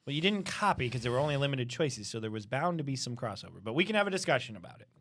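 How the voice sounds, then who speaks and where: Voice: mid-range voice, big pitch swings, rapid-fire, fairly bright tone, a little hiss or hum. A teacher hosting a school podcast in casual chat, patiently asking children questions and steering them back on topic. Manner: explains and asks follow-up questions.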